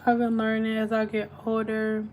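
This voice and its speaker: A woman's voice: on the high side, monotone, moderate pace, darkish tone, a little hiss or hum. Chatty slangy woman on a live stream. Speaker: hairstylist. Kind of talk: casual live-stream chat. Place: at home, TV in another room.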